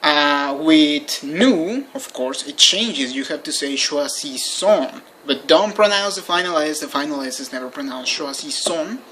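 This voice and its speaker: A language teacher talks through a lesson indoors with a bright, forceful tone. The delivery is patient and repetitive, and word endings are spelled out one letter at a time. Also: medium pitch, animated, normal speed, hardly any pauses, slight background noise. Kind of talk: informal recorded lesson. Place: indoors by a window.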